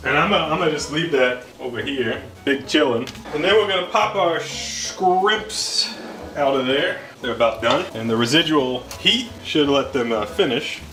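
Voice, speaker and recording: A man's voice: on the high side, moderate pace, noisy background. Goofy man narrating his cooking. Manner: goofy, deadpan wordplay. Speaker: cooking show host. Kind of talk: casual cooking vlog narration. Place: home kitchen. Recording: music playing underneath.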